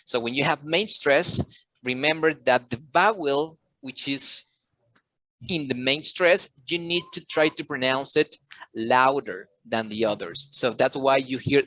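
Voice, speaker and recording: A man's voice: medium pitch, unhurried, sharp tone, dry recording. A man teaching an English lesson, explaining patiently, repeating key points, quizzing students and sometimes switching into Spanish. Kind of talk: online class lesson.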